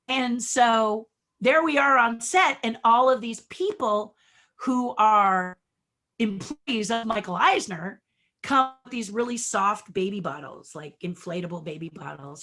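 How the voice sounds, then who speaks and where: A woman guest in a casual interview, telling animated stories, acting out quotes and laughing often. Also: fairly high pitch. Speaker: guest puppeteer and designer.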